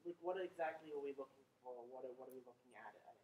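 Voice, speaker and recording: A man's voice: mid-range voice, fast, darkish tone, breathy edge, rough recording. A male student asking a question hesitantly from the class.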